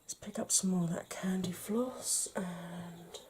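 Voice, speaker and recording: A woman talks through her makeup tutorial in a lowish, mellow voice. She chats casually and often slips into a whisper while she blends. A faint hiss sits under the recording. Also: fairly even intonation, a little slow. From United Kingdom. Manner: chatty, often drops to a whisper while working. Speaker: makeup vlogger.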